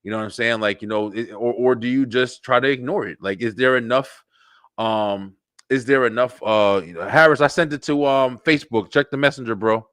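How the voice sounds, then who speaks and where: A man's voice: mid-range voice, brisk, dry recording. Rambling, cursing man, dry sound. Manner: rambling, profane, animated, with lots of filler and repeated words. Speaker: webshow host. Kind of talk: casual livestream monologue.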